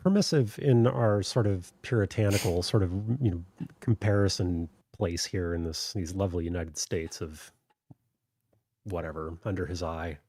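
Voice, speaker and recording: A man's voice: low-pitched, moderate pace, dark tone. A man co-hosting a casual talk show, stuffy-nosed from a cold, making wry asides. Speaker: podcast co-host. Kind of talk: casual chat.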